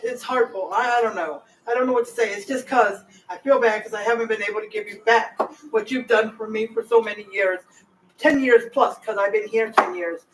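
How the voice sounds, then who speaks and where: A woman's voice: a little high, recorded from a distance, slight background noise, poor audio. A woman home cook chatting casually to her viewers in her kitchen, rambling from one thought to the next. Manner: rambling, talks straight to viewers. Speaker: home cooking vlogger. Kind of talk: casual cooking chat.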